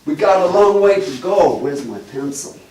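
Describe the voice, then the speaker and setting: A man doing live character comedy as a detective, delivering deadpan mock-official patter to the audience. His pitch swings widely. He echoes through a live venue and is picked up from a distance, with faint noise behind. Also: moderate pace.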